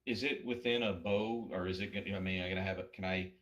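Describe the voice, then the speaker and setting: A man with a fairly low voice plays in a tabletop game. He talks casually and keeps checking the rules with the game master. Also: steady tone, fast, fairly bright tone. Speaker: player.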